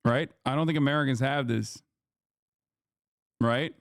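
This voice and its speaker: Crisp, dry-voiced man streaming. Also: medium pitch, a little slow, no room sound. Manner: profane, joking, talks over a playback. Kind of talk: live stream reaction commentary.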